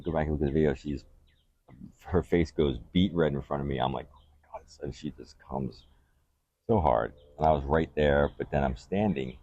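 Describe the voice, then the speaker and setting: A man's voice: very deep voice, moderate pace, warm tone, muffled recording. A man co-hosting a podcast, telling a candid, rambling and crude story in casual chat. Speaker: podcast co-host.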